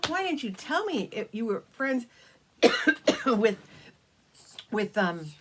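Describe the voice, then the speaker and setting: A woman's voice: a little high, big pitch swings, slow, slight background noise. Grandmother playing a big friendly green dragon. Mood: welcoming.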